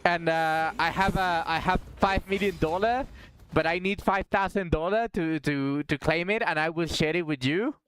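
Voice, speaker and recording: A man's voice: a little high, little pitch movement, normal speed, few pauses, a bit bright, clean tone, no room sound, natural voice. A man voicing a pushy male phone scam caller who stammers and insists, speaking into a headset.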